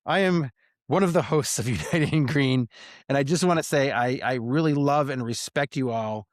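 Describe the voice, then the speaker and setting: A man's voice: medium pitch, normal speed, no room sound, clean studio sound. A man co-hosting a soccer podcast in casual chat, joking and given to mock-grand rants. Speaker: podcast co-host.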